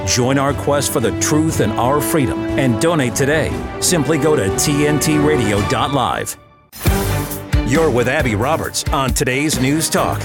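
A man reading scripted station announcements in a smooth announcer manner. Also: medium pitch. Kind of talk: scripted promo read. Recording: station promo over music.

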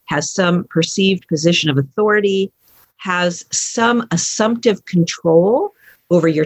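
A woman with a husky, slightly breathy voice tells a personal story as an interview guest. She acts out quoted lines expressively. The sound is dry and close. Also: fairly low pitch, fairly bright tone, no room sound. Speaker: guest speaker.

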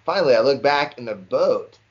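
A man's voice: medium pitch, fairly quick. Een jonge Amerikaanse man vertelt geanimeerd en informeel een verhaal aan zijn vrienden in een podcast. De opname klinkt een beetje dof en lo-fi. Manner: animated storyteller, says "dude" often. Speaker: podcast co-host. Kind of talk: casual chat, storytelling. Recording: slightly dull lo-fi sound.

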